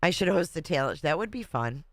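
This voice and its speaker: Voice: medium pitch, sing-song, a little fast, a bit bright, dry recording, studio quality. A livestream host chatting casually and reading viewer comments aloud, laughing often.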